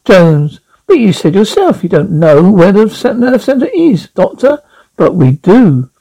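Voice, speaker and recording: A man's voice: high-pitched, big pitch swings, unhurried, mellow, exaggerated voice, low-quality recording. A man voicing an eager, resourceful male traveller, reading a script and stumbling over words. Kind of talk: script read aloud.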